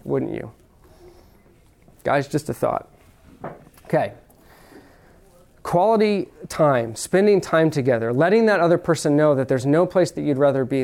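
A man with a fairly high voice delivers a sermon. He talks to the congregation like a conversation, throws questions at them, and slows right down on the words he wants to stress. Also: vocal fry, a little mellow. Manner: conversational preaching, direct questions to the audience; slows down to stress key phrases. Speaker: pastor.

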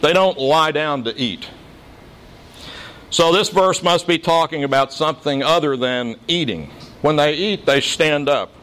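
A man's voice: medium pitch, a bit bright, a little hiss or hum. A middle-aged man preaches in a plain, conversational way. He mixes scripture with homely stories and dry humor. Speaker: pastor. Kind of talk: sermon.

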